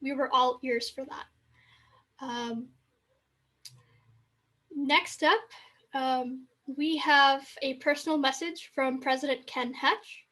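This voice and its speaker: Bright emotional young woman hosting. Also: high voice, steady tone, takes it slowly, pauses often. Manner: emotional, gushing. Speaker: student club founder and host. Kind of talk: hosting an online ceremony. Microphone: video call.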